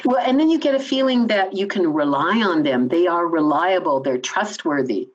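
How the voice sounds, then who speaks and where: Woman from Canada, communication trainer type, enthusiastic and a bit loud, slightly dull recording. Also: on the low side, normal speed. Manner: enthusiastic, lively, teacherly. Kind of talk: explaining in a conversational interview.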